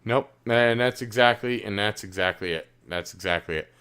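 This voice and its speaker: Profane, animated man on a podcast. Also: lowish voice, moderate pace, background noise. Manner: profane, animated, swings from loud outbursts to muttering. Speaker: podcast co-host. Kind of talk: casual chat.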